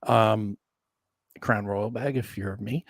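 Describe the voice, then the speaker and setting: A man's voice: lowish voice, fairly even intonation, takes it slowly, dry recording, clean studio sound. A man co-hosting a board game stream in casual chat, laughing often and acting out remembered lines.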